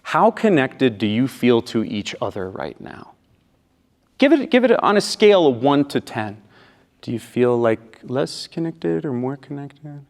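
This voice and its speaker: A male conference speaker with a medium-pitched, unhurried voice tells stories to the crowd, animatedly acting out scenes and leading them along. The large hall adds a long reverb to the recording.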